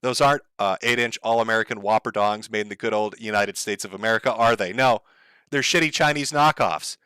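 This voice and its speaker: A man's voice: on the low side, a little fast, bright, forceful tone, smooth, no room sound, clean studio sound. A man giving mocking, profane online commentary, sarcastic and laughing at his own jokes.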